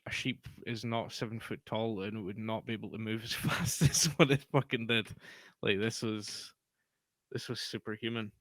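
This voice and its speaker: A man's voice: fairly low pitch, steady tone, normal speed, fairly bright tone, no echo. A man telling a story in a casual, sweary, rambling way on a podcast. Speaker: podcast co-host.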